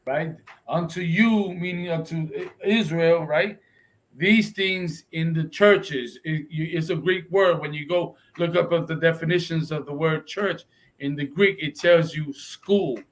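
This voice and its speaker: The voice is a man's, a little high and at normal speed, captured on a rough recording. He's a religious instructor delivering a confrontational Bible lesson, switching between Spanish and English and emphatically leaning on "right?" to pull agreement from his listeners.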